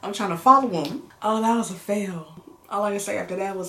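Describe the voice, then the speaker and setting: A young American woman chatting casually in a get-to-know-me vlog, animated and slangy, laughing as she tells stories. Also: mid-range voice, fast talker. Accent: American English. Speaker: vlogger. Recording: roomy echo.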